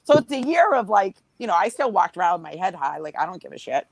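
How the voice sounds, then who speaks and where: Casual woman, animated storyteller. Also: on the low side, fast, gravelly, over a noisy crowd, low-quality recording. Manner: animated storyteller, acts out quotes. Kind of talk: casual chat.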